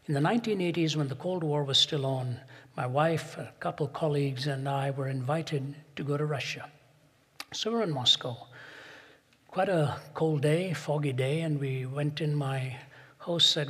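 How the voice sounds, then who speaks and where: A man giving a Christian talk to an audience, arguing his point and telling stories, slowing down and pressing hard on key phrases. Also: fairly high pitch, a bit bright, husky. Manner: rhetorical, storytelling, slows and presses for emphasis. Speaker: Christian speaker. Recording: long hall reverb.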